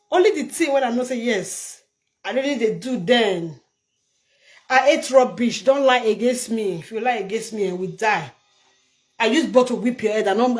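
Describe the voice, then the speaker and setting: An older woman from Nigeria speaks in a Nigerian Pidgin accent. She talks casually to her viewers, emphatic and pleading, and repeats her points as she goes. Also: on the high side. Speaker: vlogger. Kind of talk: casual direct-to-camera vlog.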